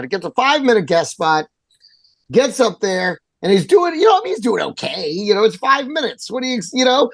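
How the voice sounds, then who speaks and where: A man's voice: sits high, very animated, fairly quick, a bit bright. A man who is a stand-up comedian, telling heated, profane stories in casual podcast chat and acting out the people he quotes.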